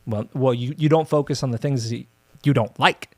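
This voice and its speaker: A man's voice: medium pitch, moderate pace, dry recording. Earnest man guest, dry close sound. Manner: earnest, reflective, talks through ideas with restarts. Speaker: podcast guest, actor. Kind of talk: casual podcast conversation.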